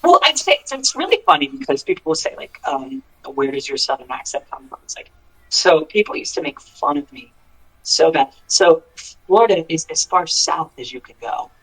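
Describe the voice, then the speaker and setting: A man's voice: fairly high pitch, sing-song, moderate pace, bright, forceful tone, husky, poor audio. A man from the United States, a country singer, talks earnestly as a guest in a casual interview, often restarting and filling with "um" and "you know". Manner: earnest, thoughtful, many restarts and fillers.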